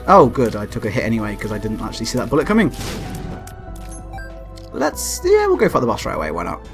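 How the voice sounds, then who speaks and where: Young male gameplay commentator, very animated pitch, sweary and excitable. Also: quick pace, music in the background. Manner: excitable, yelps and shouts at the game when frustrated; swears and laughs often. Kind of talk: let's play commentary.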